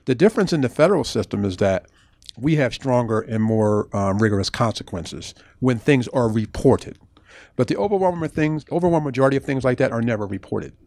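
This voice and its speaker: A man's voice: medium pitch, brisk, dry recording. Dry-sounding man telling police stories. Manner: animated storytelling with frequent restarts. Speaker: author and former police officer. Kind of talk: book talk Q&A.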